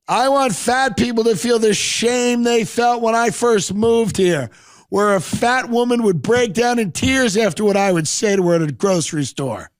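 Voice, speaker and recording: A man voicing a cruel, ranting male mayoral candidate, giving drawn-out, shouted speech lines in a mock-rousing way. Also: very high-pitched, voice pushed up.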